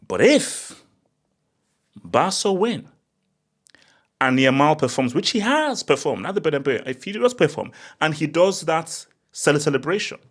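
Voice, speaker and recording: A man hosting his own football channel, talking casually in an animated, excitable way with frequent restarts and sudden rising outbursts. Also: on the high side, unhurried. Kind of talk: casual opinion monologue.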